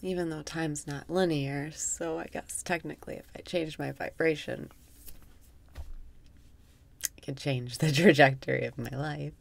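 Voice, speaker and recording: A woman guiding a meditation, speaking softly and often slipping into a whisper, with wry, self-mocking laughter. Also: deep voice, fairly even intonation, a little slow, creaky, pauses often. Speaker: meditation guide. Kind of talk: guided meditation.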